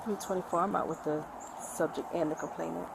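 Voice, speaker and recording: A woman's voice: on the low side, fairly even intonation, quick pace, creaky. A woman police officer questioning people outdoors in a park, brief and businesslike, on a body camera. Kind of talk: questioning at a scene. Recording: body-cam audio, loud outdoor noise.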